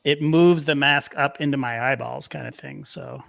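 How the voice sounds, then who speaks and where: A man's voice: mid-range voice, fairly even intonation, moderate pace, creaky, fairly bright tone, no room sound. A man co-hosting a podcast in casual chat, talking about himself in a wry, self-deprecating way. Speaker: podcast co-host. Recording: dry close sound.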